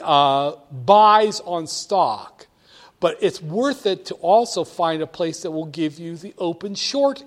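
A man with a slightly higher-than-average voice, teaching a room of students. He is lively and emphatic, dropping to quiet asides and then rising to loud, punchy points. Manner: animated, emphatic, swings between quiet and loud. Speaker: instructor. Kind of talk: classroom lecture.

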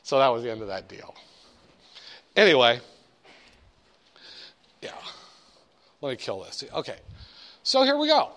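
A man's voice: mid-range voice, huge pitch swings, a little slow, pauses often, fairly bright tone. A man teaching a class, speaking in a conversational, digressive storytelling manner. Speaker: instructor. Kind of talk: storytelling lecture.

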